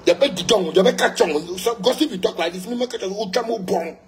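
A man with a Ghanaian English and Pidgin accent ranting angrily, repeating himself and hurling insults in loud bursts. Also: sits high, fast talker, a crowd in the background. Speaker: musician ranting. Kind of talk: angry rant.

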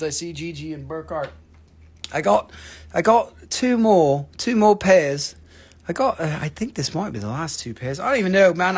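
A middle-aged man with a Southern American accent, hosting a live rock sale in an excitable, rambling, foul-mouthed way. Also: on the high side. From Southern United States. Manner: excitable, rambling, swears a lot. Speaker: host selling rocks. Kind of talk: live sales stream chat.

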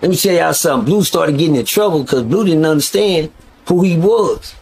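A man spinning a story in loose, casual talk, cursing freely and speaking straight to his audience. His voice sits a touch higher than most men's, and he swings his delivery around as he gets worked up. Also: fairly quick, gravelly, slightly rough. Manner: profane, animated, addresses listeners directly.

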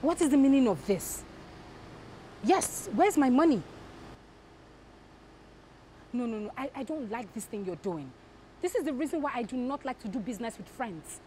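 A woman's voice: animated, a little hiss or hum, natural voice. An actress playing a fiery Nigerian wife demanding her money. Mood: angry demanding. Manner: sharp, demanding, quick to rise then drop to a low murmur. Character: wife with a hot temper, chasing an unpaid friend. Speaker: wife and businesswoman.

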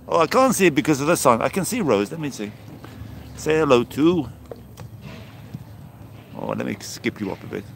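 English man, English accent, fairly high voice, rambling casual live-stream chat, outdoors on a handheld phone, faint traffic noise. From England. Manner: chatty, greets viewers by name, rambling asides. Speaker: vlogger hosting a live stream. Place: outdoors by a fishing harbour. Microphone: handheld phone camera.

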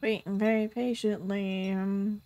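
A woman streaming a game live, chatting casually with her viewers and reacting out loud to the game. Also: mid-range voice, level tone, a little slow, dry recording. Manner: chatty, reads chat, bursts into loud frustrated yelps.

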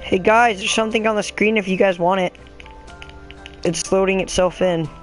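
A man's voice: high voice, steady tone, normal speed, faint music behind. A man in casual gameplay chat, bossy and teasing as he runs the game's money, muttering little sound effects. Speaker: gamer running an in-game shop.

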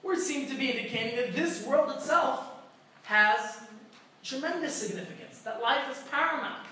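A rabbi with a very high, bright voice and a forceful tone teaches a conversational Torah class at normal speed, posing rhetorical questions and telling jokes. The room is very echoey and the mic sits far off.

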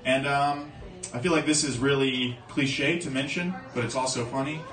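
A man's voice: medium pitch, fairly even intonation, moderate pace, fairly bright tone. Young man rambling through a stand-up set. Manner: loose, rambling storytelling with lots of fillers. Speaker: stand-up comedian. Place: comedy club stage at an open mic. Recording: echoey club recording from far off, audience noise. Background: audience laughing and cheering.

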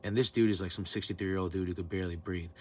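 A man's voice: low-pitched, fairly even intonation, quick pace, a little mellow, slight background noise. A man in his twenties telling a heated, profane story in a vlog rant. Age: 20s. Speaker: vlogger. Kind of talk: ranting storytime.

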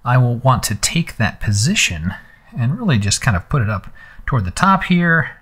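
Man casually walking through a software tutorial. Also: mid-range voice, normal speed, breathy edge. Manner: relaxed, conversational explaining with fillers. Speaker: photography instructor. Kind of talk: screen-recorded software tutorial.

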